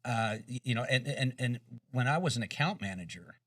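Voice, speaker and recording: Measured man in a dry, distant recording. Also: mid-range voice, lively intonation, a bit bright, dry recording. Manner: measured, emphatic, stutters on openings. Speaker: co-host. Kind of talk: casual chat. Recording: dry room, distant mic.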